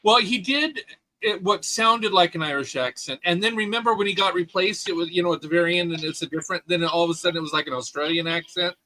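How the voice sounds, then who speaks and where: High bright guy rambling on a podcast, dry close sound. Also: quick pace, no echo, low-quality recording. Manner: animated, rambling with restarts. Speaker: podcast co-host. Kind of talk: casual chat.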